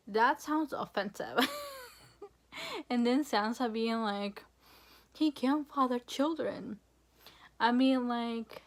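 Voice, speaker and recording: A young woman vlogging a casual, rambling rant, frustrated and full of fillers and swearing. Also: mid-range voice.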